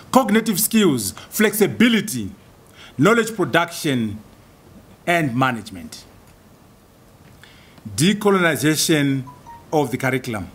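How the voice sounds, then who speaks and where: A man's voice: fairly high pitch, fairly bright tone, breathy edge. Emphatic man lecturing. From Zimbabwe. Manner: emphatic, rhetorical, builds long lists. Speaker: guest lecturer. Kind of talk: public lecture.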